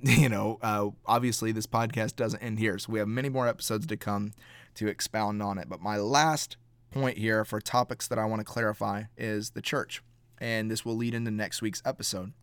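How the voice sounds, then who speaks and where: A man speaks in a low, fairly flat voice as he hosts his own faith podcast. He talks earnestly and haltingly, circling back and repeating words as he searches for them, in the unhurried way of a pastor thinking aloud. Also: no room sound. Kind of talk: reflective podcast monologue.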